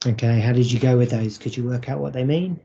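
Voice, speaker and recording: A man presenting a recorded workshop for English teachers, speaking in a measured, explanatory way with frequent ums. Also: mid-range voice, gravelly, warm tone, slight background noise. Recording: dull lo-fi audio.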